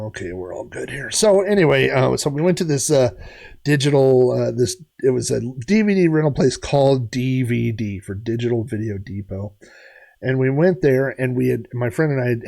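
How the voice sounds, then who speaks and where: Man, middle-aged, rambling storyteller, fillers, medium pitch. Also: gravelly, a little mellow. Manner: rambling, many fillers and restarts. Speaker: retro gaming streamer. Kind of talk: casual storytelling on a stream.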